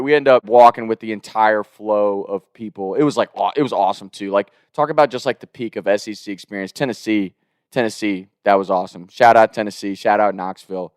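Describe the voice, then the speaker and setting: A man's voice: no echo, studio quality. A young man casually telling a story, laughing often, swearing freely and acting out the people he quotes. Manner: acts out quoted people with shifts in pitch and loudness.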